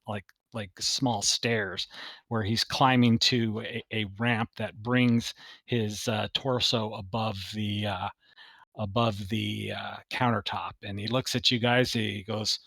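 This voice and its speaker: A man narrating as game master in a tabletop game, with a slow pace and many "uh" fillers. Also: mid-range voice, a bit bright, no room sound.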